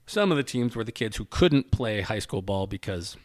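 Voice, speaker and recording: A man's voice: lowish voice, expressive, moderate pace, darkish tone, slight background noise. A man telling a story in casual podcast chat, rambling with many fillers and swearing freely.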